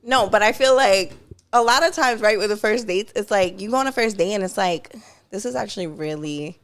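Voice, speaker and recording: A woman's voice: mid-range voice, brisk. Woman podcast co-host, casual, frank, teasing, profane. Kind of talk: casual chat.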